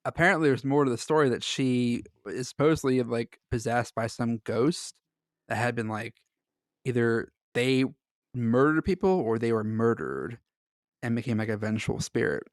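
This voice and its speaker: Recorded in studio quality with no echo, a man with a medium-pitched, expressive voice co-hosts a podcast at normal speed. He jokes and rambles, laughs often, and reads a story aloud.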